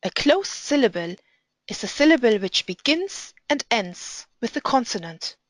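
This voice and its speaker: A woman teaching how to pronounce words, reading examples aloud slowly and carefully and explaining the rules between them. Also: on the high side, very animated, dry recording.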